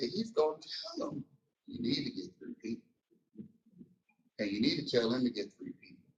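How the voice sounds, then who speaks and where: A man gives a motivational business training talk, animated and preachy, addressing the room directly. His voice sits at an ordinary pitch for a man. He sounds distant from the mic in an echoey meeting room. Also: highs cut off.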